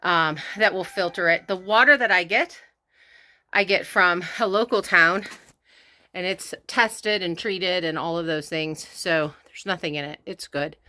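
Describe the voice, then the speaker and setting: Her voice on the low side, measured in pace and sharp in tone, a woman vlogs casually through her rural cabin homestead, inside and out. She's chatty and slightly out of breath, laughing often and speaking to her cats, with no echo in the recording.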